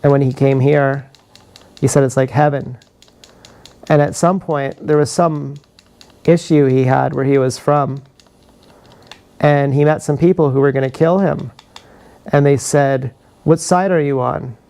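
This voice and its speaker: Man, gravelly fry, rambling confessional livestream talk, action-camera mic. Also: mid-range voice, steady tone, measured pace, long pauses, warm tone. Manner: meandering, confessional, laughs at own stories.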